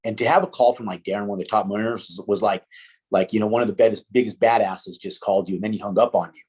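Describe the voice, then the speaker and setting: A middle-aged man tells a story from his own past, relaxed and conversational. His voice sits a bit low and has a husky edge. He swears freely and acts out other people's lines in dialogue. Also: racing. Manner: swears casually, animated with quoted dialogue. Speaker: interview guest, entrepreneur. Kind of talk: casual storytelling.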